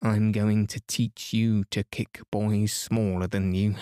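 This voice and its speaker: A grim, scornful boy turned giant speaks from a storybook in a slow, lowish voice, as a man reads him. The sound is close and dry. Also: flat delivery, warm tone, dry recording.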